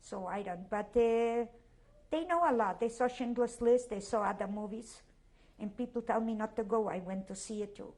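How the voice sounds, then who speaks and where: An older woman from Poland with a Polish accent, giving a halting, emotional oral history interview and often repeating herself. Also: a little high, mellow.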